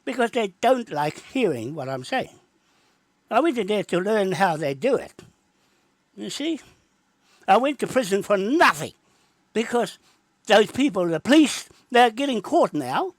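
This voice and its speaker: A man's voice: high-pitched, big pitch swings, a little slow, pauses often, no echo. A man, rambling emphatically from topic to topic in a livestream monologue into his phone.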